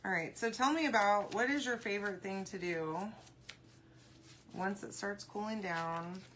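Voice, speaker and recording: A woman's voice: mid-range voice, measured pace, a bit bright, a little hiss or hum. Chatty woman painting on camera. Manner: chatty, rambling, talks to viewers while painting; answers live comments aloud. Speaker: craft video host. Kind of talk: casual crafting tutorial.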